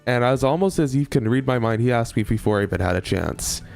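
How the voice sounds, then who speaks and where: A man casually reading an interactive story aloud in first person, halting and correcting himself, laughing at his slips. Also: mid-range voice, expressive, creaky, darkish tone, soft background music.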